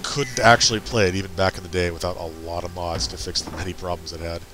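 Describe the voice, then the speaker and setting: Low-voiced rambling man gaming. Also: fairly even intonation, fast talker, noisy background. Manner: rambling, loose and swearing. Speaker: streamer playing a game. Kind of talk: casual gaming chat.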